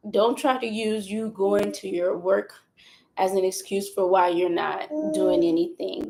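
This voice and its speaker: A woman's voice: medium pitch, vocal fry, a little mellow, rough recording. A woman vlogger and mother talking casually to camera, candid and rambling as she vents, a little out of breath.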